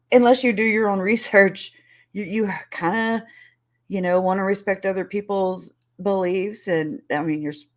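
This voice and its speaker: A woman hosting a casual livestream, rambling and restarting her sentences, laughing between phrases, emotional and close to tears. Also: medium pitch. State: tearful, emotional. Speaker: YouTube channel host.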